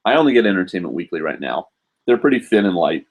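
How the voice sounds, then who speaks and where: A man with a slightly low voice hosts a live stream from his computer and chats through viewer questions. He rambles loosely and fills every pause with ums and you-knows. It sounds relaxed and off the cuff. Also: husky. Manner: rambling, filler-heavy, chatty. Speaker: host.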